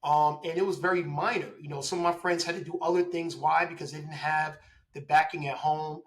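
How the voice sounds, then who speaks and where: A man in his forties tells his story in a relaxed interview. His voice sits a little high and sounds very bright and forward. He talks in an animated way and acts out the dialogue he quotes. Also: a little fast, rough recording. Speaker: guest, police officer.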